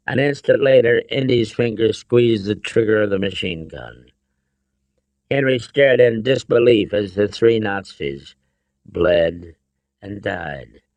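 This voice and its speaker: A man narrating an audiobook in a measured, deliberate way. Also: lowish voice, gravelly, a little mellow, dry recording. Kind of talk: scripted narration.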